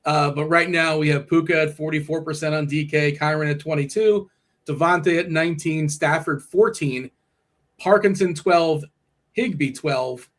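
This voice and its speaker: Guy hosting a sports podcast, kinda high voice, lots of uhs while he reads stats. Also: steady tone, normal speed. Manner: leads the segment, reads out numbers with fillers. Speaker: podcast host. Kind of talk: casual sports chat.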